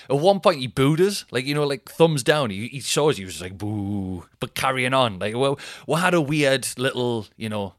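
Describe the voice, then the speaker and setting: Male comic host, 30s, mid-pitched, animated sweary storyteller, dry mic. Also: no room sound. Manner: rambling, sweary, animated anecdote-telling. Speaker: comedian podcast host. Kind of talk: casual storytelling.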